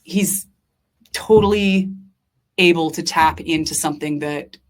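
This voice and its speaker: A young woman who owns a diner and works as its chef speaks as a podcast guest in a casual interview. Her voice is low and unhurried, and she talks earnestly and passionately, with lots of fillers and restarts.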